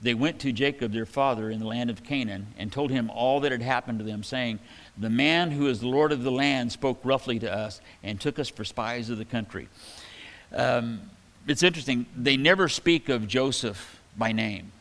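A man preaching a sermon in a relaxed, conversational way, reading scripture aloud and adding casual asides. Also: mid-range voice, normal speed. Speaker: pastor. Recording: hall reverb.

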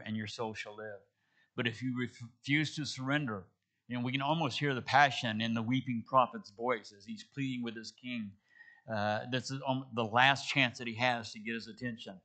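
Reading passages aloud, a preacher then recasts the scripture in casual, everyday talk, restarting frequently as he teaches through the Bible. His voice is medium in pitch, pushed and bright.

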